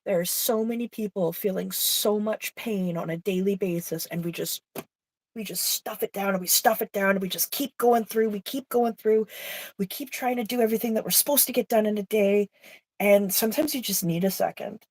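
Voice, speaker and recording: A woman's voice: mid-range voice, brisk, darkish tone, no echo, rough recording. A woman co-hosting an art stream over a video call, chatting casually and emotionally as she paints, swearing now and then. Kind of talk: casual chat while painting.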